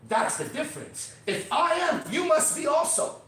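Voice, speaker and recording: A man hosting a podcast, ranting with intensity and swearing, swinging between shouts and low murmurs. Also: sing-song, moderate pace, far from the mic. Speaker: podcast host. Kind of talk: fiery motivational podcast rant. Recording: echoey room, voice from off mic.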